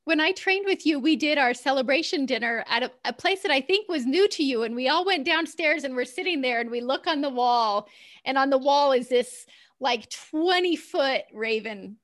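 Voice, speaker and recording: A woman's voice: high voice, lively intonation, moderate pace, fairly bright tone. A woman interviewing a guest in a casual conversational way.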